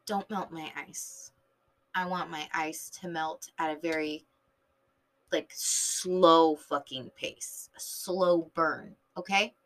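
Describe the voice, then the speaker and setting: A woman's voice: deep voice, slow pace. A woman from San Diego in her thirties, hosting a podcast in a rambling casual monologue, full of fillers, swearing and sudden tangents. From San Diego, Southern California. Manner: animated, filler-heavy, swears freely, jumps between tangents. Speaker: podcast host.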